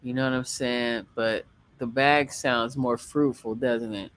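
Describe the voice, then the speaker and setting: A man's voice: medium pitch, fairly even intonation, unhurried, fairly bright tone. A man chatting casually as a guest on a late-night livestream, rambling through loose sign-offs and talking to his viewers. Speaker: livestream guest and show host.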